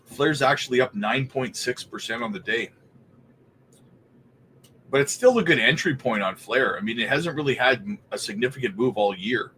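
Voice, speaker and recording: Guy hosting a chill crypto livestream, middle pitch, keeps greeting chat folks, easy laughs. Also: moderate pace, slight background noise. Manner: chatty, greets viewers by name; relaxed, laughs between remarks.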